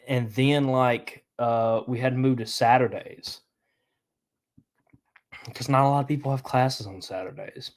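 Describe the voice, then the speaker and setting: A young man, stuffy from allergies, hosting a solo podcast in a halting, stop-and-start way. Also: medium pitch. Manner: halting, many restarts and fillers. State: congested from allergies. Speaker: podcast host. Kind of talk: casual solo podcast commentary.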